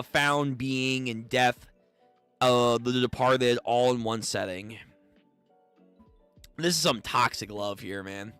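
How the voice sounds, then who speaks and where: A man's voice: medium pitch, fairly bright tone, no room sound. A man reading manga chapters aloud and reacting in casual, profane commentary, stammering and restarting as he talks.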